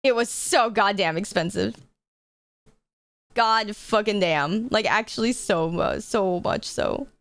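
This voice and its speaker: A woman's voice: mid-range voice, slow pace, a bit bright, dry recording. A woman streaming live, chatting casually with her viewers, laughing often and swearing freely. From United States.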